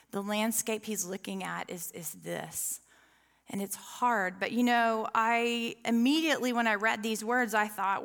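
A woman giving a sermon to a gathered room. She reads scripture slowly and then talks in a casual, earnest way, checking in with the audience with quick questions. Her voice sits at an ordinary middle pitch. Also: fairly bright tone, in a large hall. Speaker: preacher.

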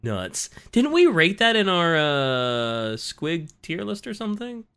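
Male co-host, somewhat high and bright voice, quick to laugh and swear in surprise. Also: huge pitch swings, clean tone. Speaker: podcast co-host. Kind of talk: casual chat.

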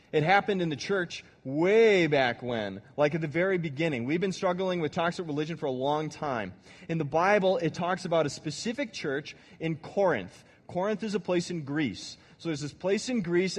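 A man's voice: fairly high pitch, breathy edge, in a large hall. A man giving a casual, conversational sermon as a pastor, joking and acting out quotes along the way. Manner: conversational, acts out quotes, jokes.

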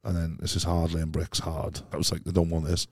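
A man's voice: deep voice, completely flat delivery, a little fast, a little mellow, no echo, studio quality. A Welsh man telling stories as a podcast guest, rambling and laughing easily, full of British slang. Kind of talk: casual chat.

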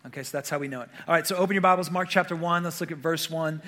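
A man's voice: on the high side, steady tone, very fast, few pauses, sharp tone. A male pastor preaching a sermon in a conversational way, often checking in with the congregation with questions. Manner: frequent fillers and restarts.

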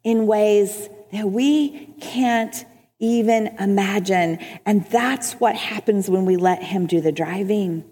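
A woman's voice: mid-range voice, takes it slowly. A woman telling an emotional personal testimony as a speaker at a church service. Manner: animated, emotional storyteller. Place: church hall. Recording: reverberant church hall.

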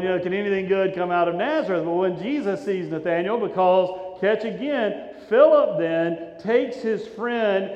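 High-voiced pastor preaching in an echoey hall. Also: male voice, normal speed, hardly any pauses. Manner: conversational, animated storytelling with rising emphasis. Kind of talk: sermon. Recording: roomy, reverberant, dull sound from a hall.

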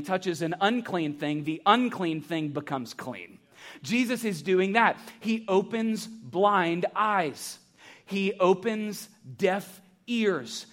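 A man preaching a sermon to a church congregation, animated and joking, asking the crowd rhetorical questions. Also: sits high. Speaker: pastor. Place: church sanctuary.

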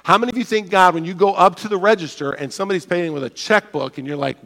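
A man with a high, bright voice preaches with bursts of humor, putting on voices for the characters in his anecdotes. His words ring out with the long reverb of a church sanctuary. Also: fast talker, vocal fry. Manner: animated, joking, acts out voices of people in his stories. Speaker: pastor. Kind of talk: sermon.

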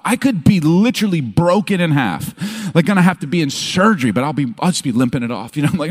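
A man's voice: fairly high pitch, quick pace. A man preaching from a stage, telling stories with humor and acting out what people say. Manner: animated storytelling, acting out quotes. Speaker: pastor. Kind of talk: sermon. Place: stage before an audience.

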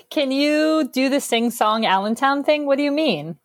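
A woman co-hosting a comedic podcast, rambling through quick comic asides in casual chat. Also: high-pitched, lively intonation, dry recording. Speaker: podcast co-host. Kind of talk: comedic casual chat over video call.

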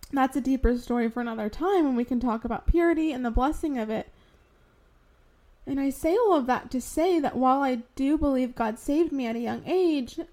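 A woman's voice: high voice, darkish tone. A young woman telling her personal faith testimony in an earnest, heartfelt way, at times fighting back tears. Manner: earnest, heartfelt, slow and deliberate. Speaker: podcast host sharing testimony.

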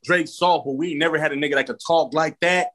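Rapper from California, man, casual slangy interview guest, voice sits a bit high. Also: racing. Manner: slangy, animated storytelling with many repeated starts.

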